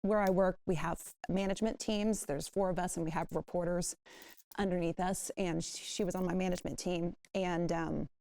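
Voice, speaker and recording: A woman on a discussion panel, a news manager who tells stories in an animated way. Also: lowish voice, normal speed, no room sound. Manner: animated storytelling.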